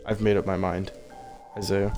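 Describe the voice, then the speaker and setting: A man reading aloud the lines of a desperate, lovesick teenage girl from a game, in a plain, flat voice. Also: deep voice, normal speed, soft background music. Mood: remorseful.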